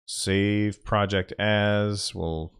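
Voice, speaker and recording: Low-voiced man recording podcast sponsor reads. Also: steady tone, drawn-out words, clean tone. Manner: offhand, restarts and mutters at tech trouble. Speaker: podcast host.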